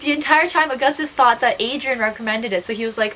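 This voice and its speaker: A woman's voice: a little high, fast, hardly any pauses, sharp tone, slight background noise, low-quality recording. A young woman co-hosting a podcast, retelling events in casual chat and quoting others. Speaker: podcast co-host.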